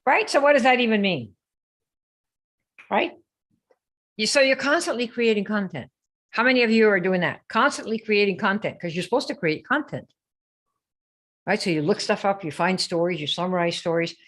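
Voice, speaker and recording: A woman with a medium-pitched, fairly bright voice speaks at a normal speed, leaving long pauses. She runs a live online sales coaching session, firing rhetorical questions at her audience. When she quotes typical sales posts, she mocks them in a sing-song tone.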